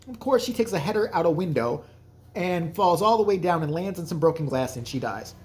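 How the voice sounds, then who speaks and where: A man's voice: sits high, lively intonation, brisk, a little hiss or hum. A man hosting a casual movie review vlog, crude, rambling and jokey, acting out scenes in voices. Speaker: channel host, movie reviewer.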